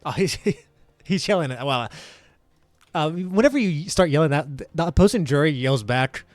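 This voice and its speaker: A man's voice: fairly high pitch, animated, normal speed, no echo, soft background music. A man running a tabletop game as game master, narrating in a rambling way with many fillers.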